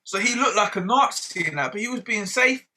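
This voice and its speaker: A man's voice: high voice, animated, a little fast, pushed and bright, slight background noise. A man telling stories in casual podcast chat, swearing freely and quoting people. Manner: swears freely, storytelling with quoted dialogue. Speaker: podcast co-host.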